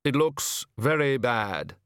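A man reading a storybook, voicing a solemn hooded male gift-giver who speaks in a heavy, puzzled, slow way. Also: medium pitch, expressive, fairly bright tone, smooth, no room sound, clean studio sound. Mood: grave.

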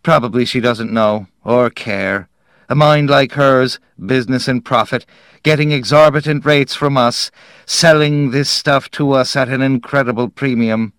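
A man's voice: medium pitch, measured pace, a bit bright, clean tone, dry recording, studio quality, voice pushed up, lightly acted. A man as a bitter, scheming man. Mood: sardonic. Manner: muttering, sarcastic.

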